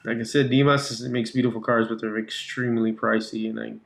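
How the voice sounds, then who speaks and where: A man's voice: mid-range voice, little pitch movement, fairly quick, creaky. A man hosting a casual livestream, chatting with viewers and reading their comments, laughing often and trailing off mid-thought. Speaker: livestream host. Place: home slot car track room.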